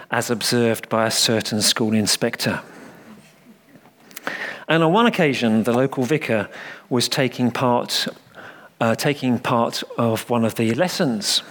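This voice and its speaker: A male preacher giving a sermon with a mid-range voice and a humorous, self-deprecating manner. He tells stories with easy comic timing and slows right down on the lines he wants to stress. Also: medium pitch, fairly bright tone.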